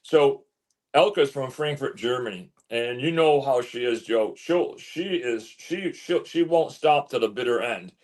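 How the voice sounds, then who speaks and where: A man telling a story as an interview guest, animated, stumbling and repeating words as he goes. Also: mid-range voice, a little slow. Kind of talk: casual storytelling.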